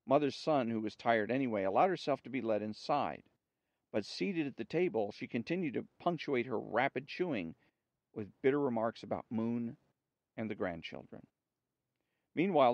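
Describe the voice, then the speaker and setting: Slow, measured male storyteller, dull dry sound. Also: mid-range voice, darkish tone, no echo. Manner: slow, measured reading with small slips. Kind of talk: reading a story aloud.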